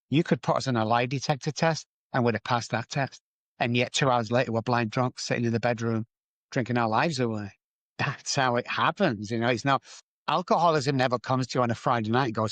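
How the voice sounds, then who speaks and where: A man's voice: normal speed, no room sound. A man as a podcast guest, speaking candidly and emphatically about addiction, repeating phrases for stress. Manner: emphatic, repetitive, rises in pitch for stress. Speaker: guest, addiction recovery doctor. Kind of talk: candid interview storytelling.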